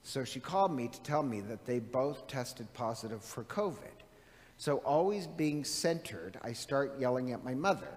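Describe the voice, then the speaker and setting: Lively middle-aged priest in a reverberant church. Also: male voice, medium pitch, moderate pace. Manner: animated, chatty, asks the listeners questions. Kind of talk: conversational sermon. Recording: long reverb of a large hall.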